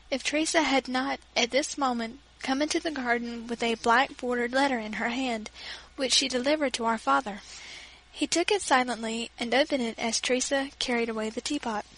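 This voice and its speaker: A woman reading an old-fashioned children's story aloud, in a measured, gentle way. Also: high voice, rough recording. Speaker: reader.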